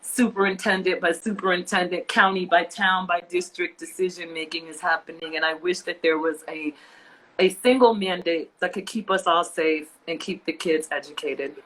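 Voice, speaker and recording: A woman co-hosting a casual talk show vents in an emotional chat, repeating phrases with impassioned emphasis. Her voice is on the low side and a bit bright, with fairly even intonation at normal speed, on a low-quality recording.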